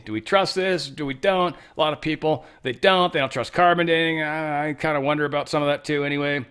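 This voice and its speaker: A man's voice: a little high, fairly bright tone. A man hosting his own show, giving casual news commentary in a rambling, profane, ranting way. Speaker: host.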